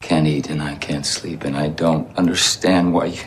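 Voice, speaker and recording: An actor playing a sleepless, distraught man in a film, speaking slowly and with strain. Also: extremely low pitch, steady tone, noisy background. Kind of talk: film dialogue.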